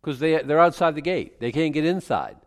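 A man preaching a sermon, reading scripture aloud and commenting in an animated way, chuckling often and restarting his sentences. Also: fairly high pitch, brisk. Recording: long reverb from a large hall.

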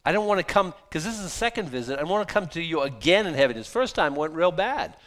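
A middle-aged pastor with a fairly high voice preaches a sermon in an animated, conversational manner. He reads scripture slowly, then paraphrases it casually, breaking into sudden loud bursts.

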